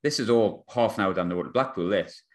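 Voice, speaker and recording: This podcast host is a young man with a lowish voice who talks fast. He's an animated storyteller, laughing through a funny story in loose, slang-heavy conversation.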